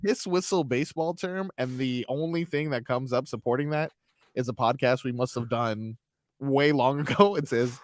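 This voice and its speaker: A man's voice: medium pitch, normal speed, no room sound, studio quality. A man co-hosting a sports radio show, teasing his co-hosts in casual, laughing banter. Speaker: radio co-host.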